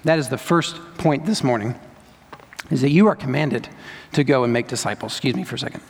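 A man's voice: medium pitch, fairly quick, husky, long reverb tail. A man preaching a sermon as pastor, emphatic, repeating key words and asking rhetorical questions.

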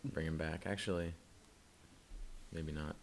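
A man with a very deep voice chats casually on a podcast. He sounds relaxed and a little hesitant, often stumbling and trailing off mid-thought. Faint hiss runs in the background. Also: measured pace, creaky. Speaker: podcast co-host. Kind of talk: casual chat.

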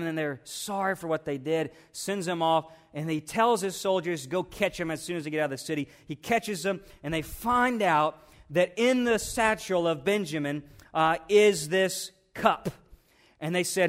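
A male pastor preaching a sermon, retelling a story in an earnest, folksy way. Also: on the high side.

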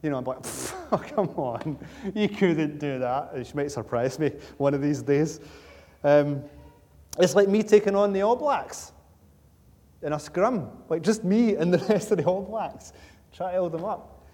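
A man's voice: fairly high pitch, moderate pace, mellow. A man preaching a sermon in a conversational, joking storytelling manner, with emphatic repetition. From Scotland. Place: church sanctuary. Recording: church hall with long reverb.

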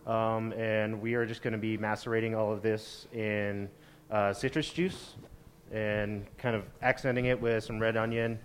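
A chef calmly walking through the dish he is about to make. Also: fairly low pitch, moderate pace, a little hiss or hum. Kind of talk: explaining a dish.

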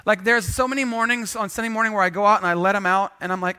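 Man, high voice, pastor, sermon, animated storyteller. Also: fast, hardly any pauses, clean tone. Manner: animated, jokey storyteller, sudden loud bursts. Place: church.

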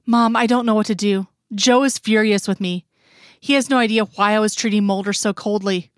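A woman's voice: medium pitch, steady tone, brisk, smooth, no echo, studio quality, lightly acted. A woman voicing a remorseful, tearful grown daughter in a story reading, pleading and apologetic.

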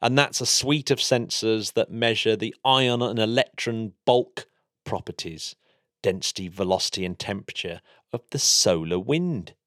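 An English man with a lowish voice, chatting eagerly as a podcast co-host about spacecraft and the sun. The recording is dry and close, with no room sound. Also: normal speed, a bit bright, no room sound. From England. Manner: enthusiastic, explanatory. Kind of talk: casual science chat.

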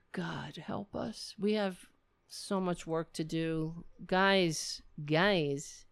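A woman's voice: fairly low pitch, extremely slow, vocal fry, smooth. A woman hosting a livestream from home, ranting about politics in a sarcastic, profane, exasperated way. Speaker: livestream host. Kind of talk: casual political rant. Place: home in a city apartment.

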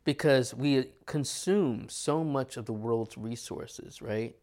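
A man's voice: mid-range voice, slow, a little mellow. An American man, an astrologer, talking in a reflective, casual conversation full of rhetorical questions. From United States.

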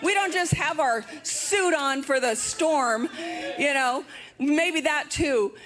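A woman's voice: high-pitched, takes it slowly, a bit bright. Fervent older woman preaching over music. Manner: emphatic, fervent, repeats rallying phrases. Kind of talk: sermon.

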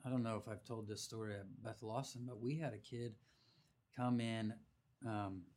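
A man hosting a casual faith conversation, telling animated stories with preacherly emphasis. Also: lowish voice, normal speed.

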